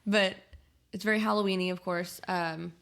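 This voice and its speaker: A woman co-hosting a podcast in casual chat, hesitant and soft-spoken, with many fillers and restarts. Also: mid-range voice, steady tone, moderate pace, creaky. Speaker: podcast co-host.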